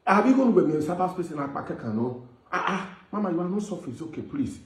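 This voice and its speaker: A Nigerian-accented man pleads earnestly, his voice sitting a little higher than most men's. He is recorded in a room that gives his words a noticeable echo. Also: expressive, fast talker, noisy background. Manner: earnest and pleading, softening to gentle appeals. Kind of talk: pleading commentary. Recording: echoey room.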